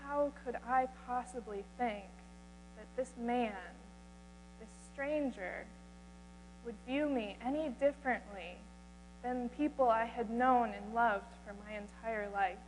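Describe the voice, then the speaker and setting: A woman voicing a humble, desperate outcast woman who tells her own story slowly and earnestly, breaking off and starting lines again. Her voice sits a little high and carries a long hall reverb over a faint electrical hum. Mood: awed. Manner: earnest first-person storytelling, halting restarts. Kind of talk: dramatic first-person retelling.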